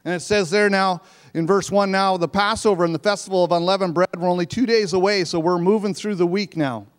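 High-voiced man preaching. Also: steady tone, fairly quick, clean tone. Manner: conversational, explains verses as he reads. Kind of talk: sermon. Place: church sanctuary. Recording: long reverb of a church hall.

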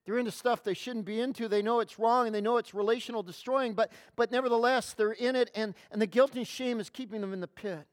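A woman's voice: fairly high pitch, fast talker, hardly any pauses. A woman preaching a sermon to a congregation, emphatic, stretching key words and often restarting her phrases. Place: in front of a congregation.

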